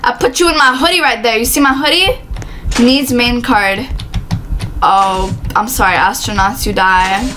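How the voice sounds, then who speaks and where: A woman host giving excitable, casual commentary while playing a video game, with loud keyboard clicks behind. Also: a little high, normal speed, noisy background. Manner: excitable, exclamatory. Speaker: gaming channel host.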